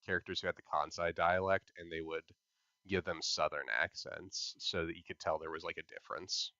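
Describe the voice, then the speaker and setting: A man with a very low voice and a bright, forceful edge talks loosely through an anime recap, leaning on filler words. His dry, close, somewhat dull podcast mic gives it a lo-fi sound. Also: steady tone, fairly quick, no room sound. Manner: loose and explanatory, many "like" fillers, laughs easily. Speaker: podcast co-host. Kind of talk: casual anime recap chat.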